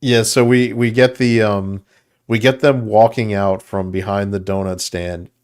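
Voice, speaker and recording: A man's voice: on the low side, steady tone, unhurried, darkish tone, smooth. A man co-hosting a podcast, retelling movie scenes in a rambling, enthusiastic way with fillers. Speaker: podcast co-host. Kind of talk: casual movie review chat.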